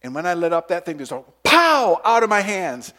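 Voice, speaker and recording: A man preaching a sermon, telling a childhood story with lively voice and acting out the shouted moments, then leading a prayer. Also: sits high, moderate pace. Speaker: pastor. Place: church sanctuary.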